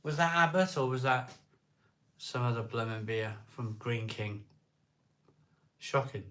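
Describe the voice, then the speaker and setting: A man's voice: medium pitch, measured pace, bright, forceful tone, a little hiss or hum. A middle-aged man from South Wales with a Welsh accent, casually chatting on a live beer-drinking stream and answering viewers' comments in a jokey way.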